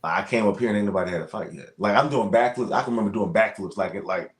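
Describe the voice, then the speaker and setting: Low-voiced guy from louisiana rattling off stories quick, echoey room. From Louisiana, USA. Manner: fast-talking, storytelling, frequent fillers. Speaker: guest boxer. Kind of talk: casual interview chat.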